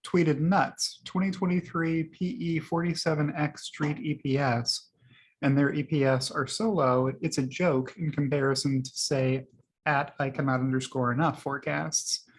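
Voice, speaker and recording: A man's voice: on the high side, steady tone, moderate pace, a little hiss or hum. A man hosting his own video, casually talking through tweets he liked, rambling with many fillers and laughing at his own jokes. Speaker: video host.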